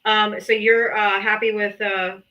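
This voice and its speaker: A woman's voice: mid-range voice, level tone, unhurried, pushed and bright, dull audio. A woman hosting a live political debate stream, blunt and mocking, with a theatrical streak. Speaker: debate host.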